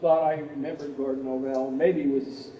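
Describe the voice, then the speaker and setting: A man's voice: medium pitch, level tone, moderate pace, warm tone. A man from California giving a conference talk, telling anecdotes in a rambling, conversational way with lots of "uh.". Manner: rambling, conversational, with frequent "uh" and "he says". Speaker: guest speaker. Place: hotel conference room. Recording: roomy hall recorded from a distance with faint ambience.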